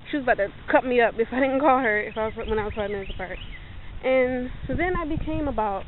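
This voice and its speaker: A young woman telling a story in a casual vlog, animated, acting out what people said and laughing often, filmed on a handheld phone. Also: high voice. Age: young adult. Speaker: vlogger. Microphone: phone held in hand. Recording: tinny phone-like audio, faint noise.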